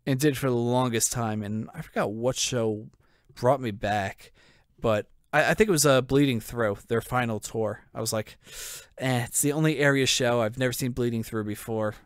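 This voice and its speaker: A man's voice: medium pitch, normal speed, clean tone, no room sound, clean studio sound. A man co-hosting a podcast, casually telling a long rambling story, swearing and acting out what people said. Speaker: podcast co-host. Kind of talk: casual chat.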